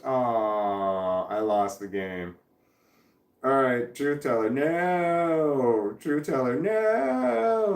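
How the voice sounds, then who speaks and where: A man's voice: medium pitch, reverberant, far from the mic. A man chatting casually on a live stream, reading chat and thinking aloud in rambling, self-interrupting sentences.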